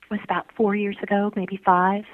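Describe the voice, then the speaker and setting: A woman interviewee talking earnestly about her faith, halting and restarting often. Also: mid-range voice, level tone. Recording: tinny phone-line sound, dry.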